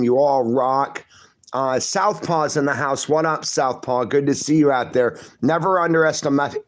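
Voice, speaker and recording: Guy on a livestream reading chat out loud, says hi to everyone by name, laid-back talk. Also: mid-range voice. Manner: friendly, greets viewers by name. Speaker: livestream host.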